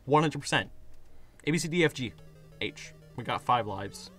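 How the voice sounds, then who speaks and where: A hoarse young man giving casual commentary while playing a game, getting frustrated and yelling at it. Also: mid-range voice, expressive, moderate pace, faint music behind. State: hoarse, voice worn out. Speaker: gaming video creator.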